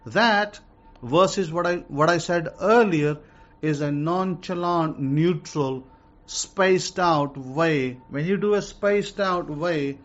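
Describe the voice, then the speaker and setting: A man's voice: fairly high pitch, takes it slowly, muffled recording, soft background music. A man teaching a casual self-help lesson. He rambles, repeats himself and uses many fillers.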